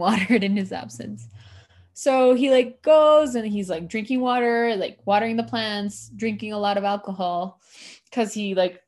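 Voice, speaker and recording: Woman recapping a tv show on a podcast, chatty, says like a lot, acts out the lines. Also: mid-range voice. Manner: chatty, lots of "like" fillers, acts out characters' lines. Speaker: podcast co-host. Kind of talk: casual recap chat.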